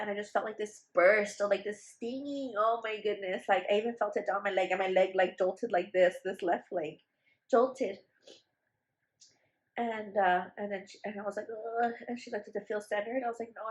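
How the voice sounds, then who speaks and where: A woman's voice: medium pitch, low-quality recording. A young woman vlogger telling a personal story in a casual, chatty way, with many fillers and restarts. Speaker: vlogger, new mother.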